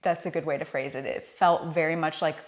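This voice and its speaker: A woman's voice: deep voice, steady tone, a little fast. A young woman telling a personal story to camera in a casual, earnest, reflective way, laughing often. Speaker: vlogger sharing a personal story.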